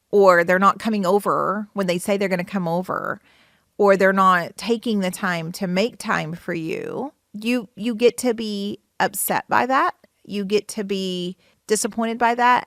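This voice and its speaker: A woman's voice: mid-range voice, a bit bright, no room sound, clean studio sound. A woman therapist hosting a podcast, talking in an earnest, emphatic way about relationships and acting out little quoted exchanges. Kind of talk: casual advice talk.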